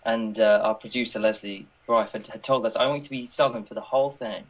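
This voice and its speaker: A man with an English accent, an actor chatting casually in an interview and telling relaxed anecdotes. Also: lowish voice, fast, dull audio. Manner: relaxed anecdotal storytelling with restarts.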